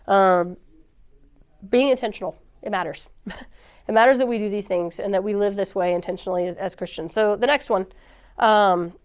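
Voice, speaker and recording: A woman giving a casual sermon-style talk in a church, chatty and quick to laugh, acting out the people in her stories. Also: mid-range voice. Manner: chatty, laughs often, acts out quoted dialogue. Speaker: church speaker.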